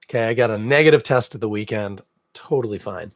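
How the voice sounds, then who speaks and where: A man's voice: fairly low pitch, quick pace, dry recording, studio quality. Congested, chatty male podcast host. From Canada. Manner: chatty, self-deprecating, rambling asides. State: congested, snuffly from a cold. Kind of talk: casual live beer-tasting chat.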